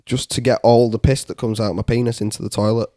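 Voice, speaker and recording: A man's voice: medium pitch, flat delivery, quick pace, dark tone, no echo, clean studio sound. A young man co-hosting a podcast, telling comic stories animatedly and laughing often. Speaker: podcast co-host. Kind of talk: comedic storytelling chat.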